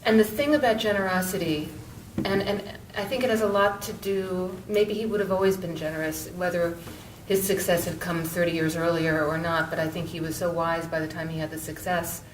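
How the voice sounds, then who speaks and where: A middle-aged woman author telling a story on a panel, halting, with many restarts and fillers. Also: fairly even intonation. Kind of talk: conversational storytelling. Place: book event room, indoors. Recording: echoey room, mic far off, faint rumble.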